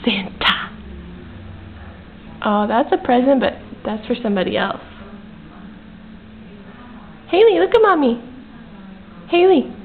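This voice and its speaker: Mom doing high singsongy baby talk to her toddler, tinny home video w/ light hiss. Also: very animated, a little slow, long pauses. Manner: sing-song coaxing baby talk. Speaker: mother filming her toddler. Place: home, indoors. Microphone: built-in camera mic. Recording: tinny lo-fi home camcorder audio with faint hiss.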